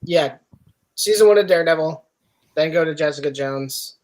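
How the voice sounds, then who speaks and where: Easygoing joking man, slightly high voice. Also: moderate pace, a little mellow. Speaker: podcast co-host. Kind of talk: casual chat.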